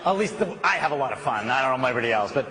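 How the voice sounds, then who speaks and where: A man giving a live motivational talk, telling a story with animated delivery. He drops low and quiet for the key points. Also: rapid-fire, crowd noise. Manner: animated storytelling, climbing to emphatic shouting. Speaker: motivational speaker.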